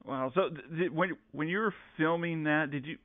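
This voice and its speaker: A male host asking interview questions in a halting way, restarting as he goes. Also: fairly high pitch, crowd noise. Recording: dry, thin phone-like audio.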